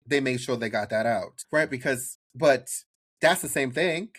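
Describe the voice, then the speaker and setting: A man co-hosting a podcast, giving blunt opinions in an animated, casual way. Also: medium pitch, a little slow. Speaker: podcast co-host. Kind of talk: casual chat.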